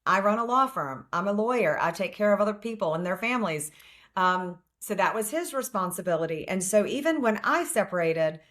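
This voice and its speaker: A woman's voice: mid-range voice, lively intonation, brisk, fairly bright tone. A middle-aged woman, a family law attorney and author, speaking frankly as a guest in a casual interview and telling stories plainly.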